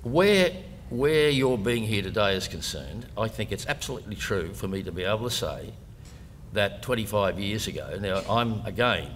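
A man's voice: lowish voice, a little hiss or hum. An older Australian man giving a humorous public talk, chatty and wry, with storytelling asides. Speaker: guest speaker. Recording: long hall reverb, faint room ambience.

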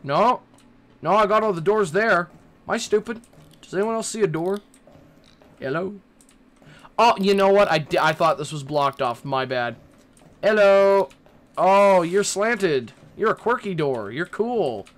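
A man's voice: sits high, lively intonation, unhurried, long pauses, fairly bright tone. A young man playing a horror game and commenting, nervous and rambling, swearing and talking back to the characters. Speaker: gaming YouTuber.

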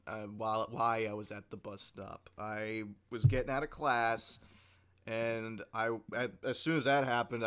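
A young man co-hosting a podcast, telling stories in casual chat, animated and laughing often as he acts out the people in them. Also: mid-range voice. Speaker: podcast co-host.

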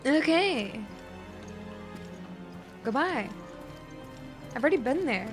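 A woman's voice: high-pitched, very animated, takes it slowly, over music. A woman streaming a video game, chatting casually with her viewers, laughing and swearing as her voice gives out. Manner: chatty, laughs a lot, swears, talks to chat. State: losing her voice. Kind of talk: casual live-stream commentary.

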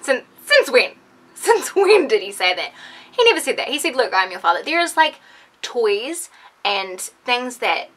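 A young woman chatting excitedly to her viewers in a casual vlog, full of "like" and quick asides. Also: high voice. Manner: excitable, animated, lots of "like". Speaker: beauty vlogger.

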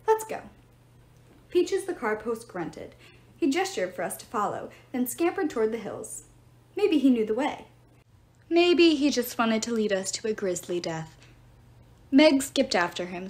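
A woman reading a novel aloud in an expressive, lively storytelling manner. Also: fairly high pitch. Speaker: audiobook reader. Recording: roomy echo.

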